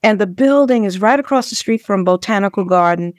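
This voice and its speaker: Brooklyn-raised woman author chatting in an interview, mid pitch, thoughtful, dry mic. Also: brisk, no room sound. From Brooklyn, New York. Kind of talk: conversational interview answers.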